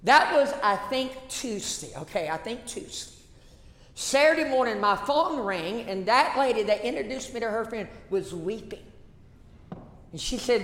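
A woman pastor delivers an emphatic sermon in a high voice, repeating key phrases and tossing questions to the congregation. Her voice rings through a roomy church sanctuary with a long, trailing echo. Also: lively intonation, moderate pace. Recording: echoey church hall reverb.

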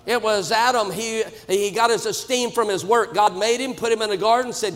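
A man delivers a sermon with fervour, punching his points and rising often into shouts. His voice sits very high for a man, and a long hall reverb trails every phrase, as in a large church. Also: normal speed. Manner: emphatic, swings to shouts. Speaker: preacher.

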